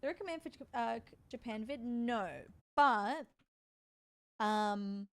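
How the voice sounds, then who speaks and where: A woman's voice: on the high side, lively intonation, slow. An Australian woman in her forties, streaming and chatting casually with her viewers, teasing and joking as she answers chat. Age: 40s.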